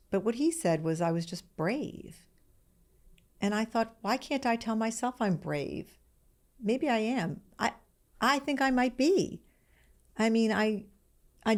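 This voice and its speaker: Telling a personal story on her solo podcast, a host in her sixties speaks with frank, self-searching emotion, at times close to tears. Her voice has a medium pitch and a darkish tone.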